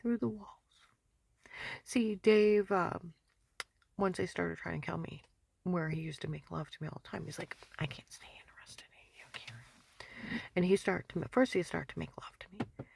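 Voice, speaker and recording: A woman telling a rambling personal story in an agitated, repetitive way, often dropping to a breathy whisper. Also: lowish voice, normal speed, a little mellow, slight background noise.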